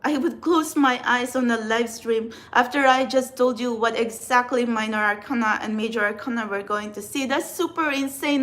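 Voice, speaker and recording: A Filipina woman with a Filipino accent, speaking in a fairly high voice as she chats to camera. She rambles earnestly and restarts her sentences often, like someone thinking out loud to her viewers. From Philippines. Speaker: tarot reader and spiritual channeler. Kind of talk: casual talk to camera.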